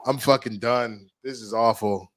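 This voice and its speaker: A man's voice: mid-range voice, measured pace. A man co-hosting a comedy podcast, telling profane stories with lots of laughter. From USA. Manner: animated, laughing, profane storytelling. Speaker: podcast co-host. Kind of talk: casual comedic chat.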